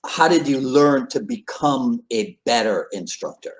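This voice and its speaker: Slow, animated male interviewer. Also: medium pitch. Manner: animated, halting restarts, frequent backchannel. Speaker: podcast host, interviewer. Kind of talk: casual interview conversation.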